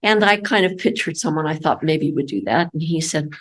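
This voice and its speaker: Woman telling a lively personal story. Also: low-pitched, a little fast, few pauses, rough recording. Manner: animated, acts out quoted voices. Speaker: guest speaker. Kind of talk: storytelling talk.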